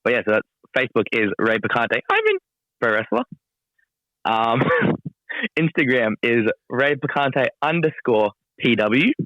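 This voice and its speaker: A man's voice: mid-range voice, fairly bright tone, no room sound, highs cut off. A man, a pro wrestler as guest, talking casually with dry, self-deprecating humor. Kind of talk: casual interview chat.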